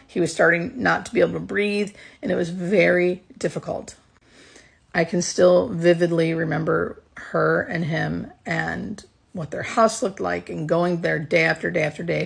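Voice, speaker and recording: A woman's voice: lowish voice, gravelly, breathy edge. A woman who works as a hospice nurse, earnestly telling a personal work story in a casual way, close to tears.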